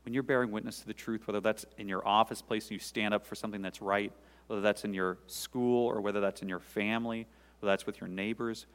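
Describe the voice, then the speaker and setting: A male pastor preaching a sermon, swelling loud and high for emphasis, then dropping to quiet, intimate asides. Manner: dynamic preaching, sudden rises in pitch and volume, dropping to quiet asides. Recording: long hall reverb.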